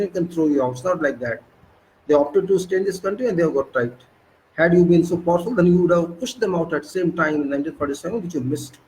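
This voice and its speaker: A political commentator with an Indian English accent gives an indignant, lecturing monologue, frequently restarting his words. His voice is slightly high and a bit mellow, and the poor audio carries some hiss or hum.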